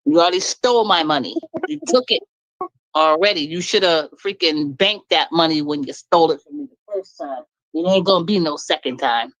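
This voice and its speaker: On a live stream, a middle-aged woman appears as a guest and vents bluntly and animatedly at a moderate pace, laughing often between points. Her pitch swings high whenever she gets indignant. The audio is dry and close, with almost no room echo.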